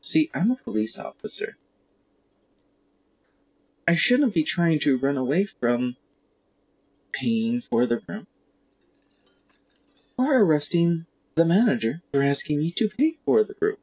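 Husky, animated woman streamer. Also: low-pitched, a little slow, long pauses. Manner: animated, exclaiming. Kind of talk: game let's-play with read-aloud dialogue.

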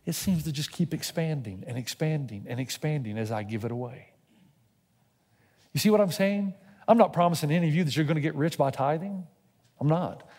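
A man's voice: fairly high pitch, fairly quick, darkish tone, husky. A middle-aged pastor preaches a sermon in a slightly raised voice. He tells stories and plays out both sides of a dialogue with God. His words ring out with a long reverb that fills the church hall. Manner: storytelling preacher who acts out dialogue with God.

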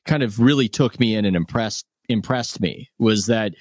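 A man's voice: on the low side, moderate pace, darkish tone, dry recording, clean studio sound. A man hosting an interview, asking long, winding questions. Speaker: podcast host.

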